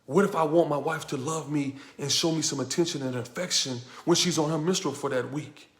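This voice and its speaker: A man's voice: on the high side, brisk. A man giving an emphatic motivational teaching talk as a personal development coach, driving points home with repeated rhetorical questions. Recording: echoey room.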